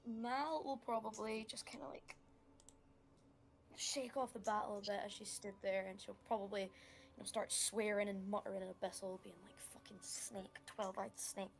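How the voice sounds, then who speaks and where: Woman with a gravelly voice at the table. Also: mid-range voice, steady tone, normal speed. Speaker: player. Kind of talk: casual tabletop play.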